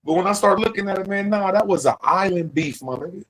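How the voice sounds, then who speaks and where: High-pitched guy ranting on his stream, cussing a lot, rambling and loud about it. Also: fast talker, rough recording. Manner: profane, rambling, emphatic. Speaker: livestream host. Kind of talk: casual rant.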